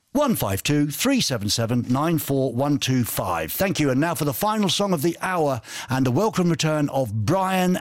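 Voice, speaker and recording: Chatty radio host, lively voice. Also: male voice, mid-range voice, no echo. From England. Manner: chatty, jokey, reads listener messages. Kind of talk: live radio presenting with banter. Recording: dry studio sound.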